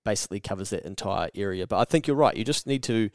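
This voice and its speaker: A man's voice: on the low side, fast, dry recording, clean studio sound. A man co-hosting a casual podcast chat, telling stories with lots of energy, swearing freely and acting out what people say. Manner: animated storyteller who swears freely and acts out quotes. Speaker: podcast co-host.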